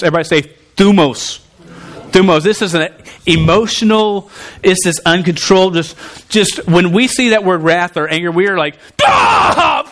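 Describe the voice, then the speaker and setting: Animated man preaching a sermon. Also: a little high. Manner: animated, conversational, stumbling restarts.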